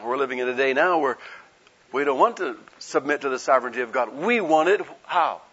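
Animated and a little fast, this husky man speaks at medium pitch with a somewhat bright tone, heard through dull lo-fi audio. Delivering a homespun, conversational sermon, he throws rhetorical questions at the congregation and performs the voices of those he quotes.

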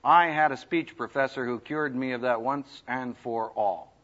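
A man giving a humorous, lively talk to students on how to preach, acting out the voices he quotes. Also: medium pitch, normal speed. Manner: animated, humorous, acts out quoted voices loudly. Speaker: preacher teaching speaking skills. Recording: dull lo-fi recording.

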